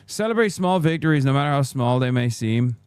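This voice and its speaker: A man's voice: medium pitch, lively intonation, a little fast, a little mellow, clear, resonant tone, no room sound, clean studio sound, close to an everyday voice. A man putting on an exaggerated Irish accent while reading an article aloud on stream. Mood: mock newsreader. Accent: put-on Irish. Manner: theatrical, exaggerated brogue. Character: man reading news in a hammy put-on Irish brogue.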